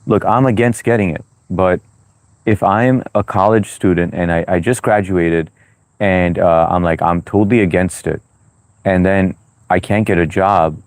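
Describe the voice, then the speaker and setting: Low-voiced man hosting a casual livestream. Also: fairly even intonation, measured pace, no room sound. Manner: chatty and loose, with frequent "uh" and "you know". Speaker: livestream host. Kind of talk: casual livestream chat, reading viewer comments aloud.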